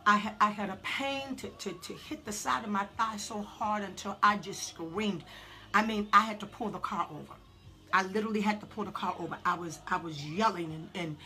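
A woman preaching a sermon, telling a halting, emotional testimony and building to shouted preaching. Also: mid-range voice.

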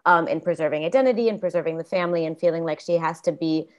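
A woman from a film's cast speaks earnestly on a panel, her long sentences flowing with small stumbles. Her voice sits low for a woman. She is heard over a video call. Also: racing. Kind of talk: thoughtful panel commentary.

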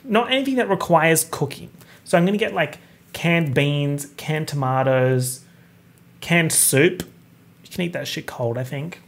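Animated campy young man podcasting. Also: on the high side, a little slow, creaky. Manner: animated, campy and expressive, swearing freely. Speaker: podcast host. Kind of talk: casual solo podcast chat.

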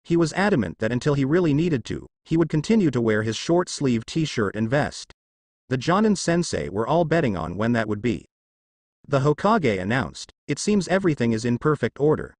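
Animated male fan fiction narrator. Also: mid-range voice, moderate pace, no echo. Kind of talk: fan fiction story reading.

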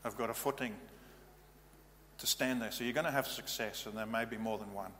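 A man's voice: on the low side, a little fast, a bit bright. A male pastor giving a practical, matter-of-fact teaching sermon in a church. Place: church hall. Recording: reverberant hall, faint hum.

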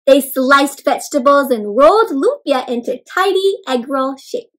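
Reading a picture book to kids in an interactive way, a young woman uses her high voice at a normal speed. Her animated, engaging telling is full of frequent questions to the children and excited gasps.

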